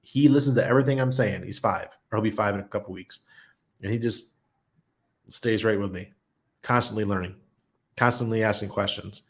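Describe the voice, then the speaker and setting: A man's voice: fairly low pitch, brisk, pauses often, breathy edge. A middle-aged man hosting a casual livestream, chatty and telling stories with easy laughs, reading out viewer comments. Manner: chatty, storytelling, laughs easily. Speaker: host of a crypto channel.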